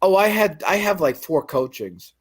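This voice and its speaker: A man's voice: sits high, very animated, moderate pace, slightly rough. A man in casual chat, telling a story in a profane, ranting way. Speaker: guest telling his story.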